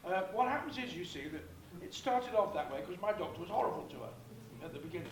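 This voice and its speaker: An older Englishman answers fans at a convention panel, chatty and quick to joke. His voice sits fairly high. He is picked up from a distance in an echoing, noisy hall. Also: expressive. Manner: chatty, joking, laughs between answers. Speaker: guest actor on a convention panel. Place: large echoey convention hall. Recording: echoey hall from far off, noisy.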